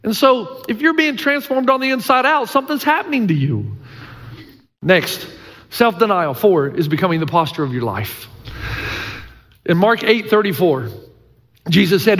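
A man's voice: sits high, animated, moderate pace, pauses often, fairly bright tone. A middle-aged male pastor preaching a sermon, earnest and emphatic, with folksy humor and repeated key lines. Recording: long church-hall reverb.

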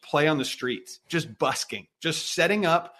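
A man in his thirties, a guest on an interview, telling a story with lively acted-out dialogue. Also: a little high, a little slow. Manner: animated storyteller acting out quoted dialogue. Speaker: guest, missionary musician.

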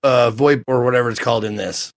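A man's voice: mid-range voice, steady tone, quick pace, vocal fry. Man asking hesitant questions. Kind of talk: casual chat.

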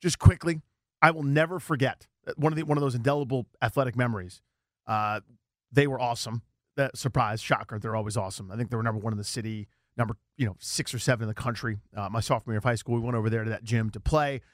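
A man's voice: medium pitch, fast, no echo, studio quality. A man in his forties hosting a sports radio show, telling a story with self-mocking humor. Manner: storytelling, self-deprecating, animated. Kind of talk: casual sports talk. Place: radio studio.

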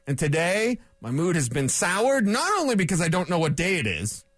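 A man hosts a sports talk show in a fairly high voice, venting his opinions bluntly and with plenty of feeling. The sound is dry and close, with no room echo. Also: wildly swooping pitch, normal speed, fairly bright tone. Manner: ranting, blunt and emotional. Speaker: sports radio host.

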